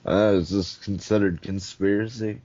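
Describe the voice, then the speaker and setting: A man's voice: fairly low pitch, fairly even intonation, normal speed, dark tone, lo-fi sound. A man co-hosting a casual podcast, laid-back with short, dry remarks. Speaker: podcast co-host. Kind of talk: casual chat.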